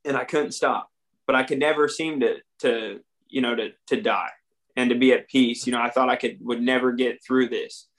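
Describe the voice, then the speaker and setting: Speaking at a moderate pace in a mid-range, slightly bright voice with fairly even intonation, this young man with a drawl shares his addiction recovery story as a podcast guest. He's earnest and plain-spoken, performing his own past dialogue as he goes.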